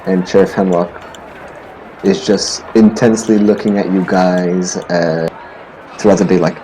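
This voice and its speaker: A man narrating as game master of a tabletop game, relaxed with frequent fillers. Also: sits low, a little slow, slight background noise, rough recording.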